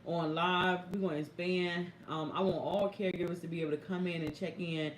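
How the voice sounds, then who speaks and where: A young woman caregiver telling stories on a live stream, speaking AAVE and talking to viewers in a lively, chatty way. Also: fairly low pitch, a little fast, slight background noise. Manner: animated, chatty, addresses viewers as y'all and baby. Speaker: caregiver vlogger. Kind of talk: casual live-stream storytelling. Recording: echoey room.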